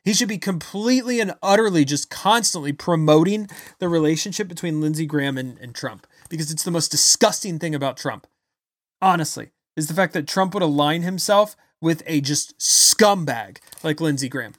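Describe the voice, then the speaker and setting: A man giving an angry, blunt political rant, loud and insulting as he talks. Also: on the high side, normal speed, no echo. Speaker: political commentator. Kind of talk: ranting political commentary.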